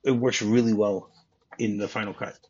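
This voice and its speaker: A man's voice: lowish voice, steady tone, a little mellow, breathy edge. A man hosting a casual film podcast, chatting and reading script passages aloud. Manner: reads script passages aloud, quick asides. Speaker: podcast host. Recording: dull lo-fi audio.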